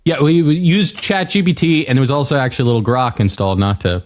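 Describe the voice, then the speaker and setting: An American man with a mid-range voice, co-hosting a casual podcast. He retells a story in a loose, halting way, restarting his sentences as he goes. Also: mid-range voice. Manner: hesitant storytelling with many fillers and restarts. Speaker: podcast co-host. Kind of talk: casual chat.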